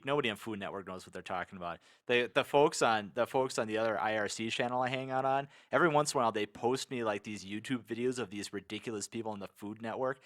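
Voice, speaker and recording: A man co-hosting a casual gaming podcast, rambling through animated stories and mock rants. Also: mid-range voice. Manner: rambling, animated anecdotes with quoted asides. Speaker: podcast co-host. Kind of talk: casual chat.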